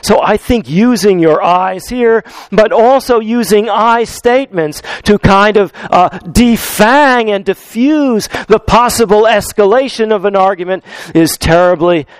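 A man preaching a sermon in a church, unhurried and talking straight to his congregation, repeating key phrases for emphasis. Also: high voice, dry recording. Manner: addresses congregation directly.

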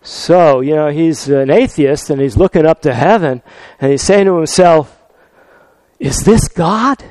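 A male pastor preaching a sermon, telling stories with lively swings from loud to soft. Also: on the high side, normal speed, clean tone, dry recording. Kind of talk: sermon with storytelling.

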